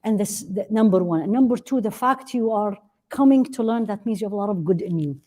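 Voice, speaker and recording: Warm-voiced woman teaching a religious class. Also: medium pitch, expressive, brisk. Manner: earnest, asks rhetorical questions and answers them; repeats key phrases for emphasis. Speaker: Islamic teacher. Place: classroom with a live audience.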